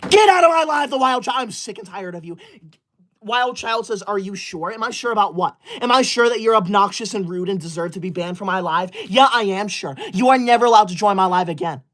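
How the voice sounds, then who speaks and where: A woman's voice: medium pitch, a little fast. A woman livestreamer chatting with viewers, scolding them in a mock-indignant, theatrical huff.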